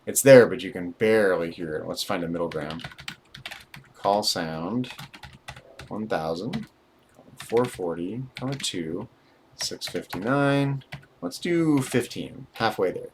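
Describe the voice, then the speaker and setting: Slowly and with frequent pauses, a man with a low, expressive voice reads from a programming book in a streamed coding lesson. He switches to dictating numbers as he types, musing aloud with dry asides. Keystrokes and faint background noise fill the backdrop.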